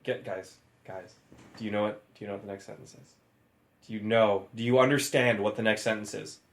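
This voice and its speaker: A man's voice: on the low side, steady tone, a little fast. A man co-hosting a comedy podcast, reading a story aloud and breaking in with sarcastic, exasperated asides. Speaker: podcast co-host.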